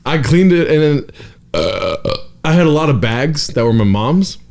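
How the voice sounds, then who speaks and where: A man's voice: fairly high pitch, very animated, unhurried, creaky, darkish tone. A young man hosting a podcast, telling a rambling story in loose casual chat, full of swearing and "dude". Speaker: podcast host.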